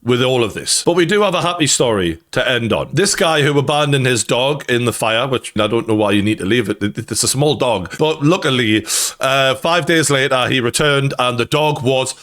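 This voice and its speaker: A man's voice: mid-range voice, expressive, moderate pace, a bit bright. Sweary Geordie man commenting on news. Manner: blunt, sweary, sardonic. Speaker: YouTube commentator.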